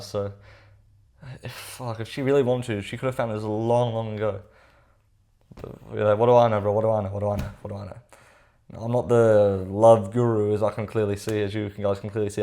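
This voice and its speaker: A man's voice: lowish voice, little pitch movement, fairly quick, dark tone. A man giving casual reaction commentary, sarcastic and profane, calling his viewers bro.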